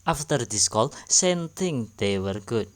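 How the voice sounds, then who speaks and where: A man narrates a recap video. His English is a little broken and his delivery is plain and matter-of-fact. His voice is ordinary in pitch. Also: expressive, measured pace.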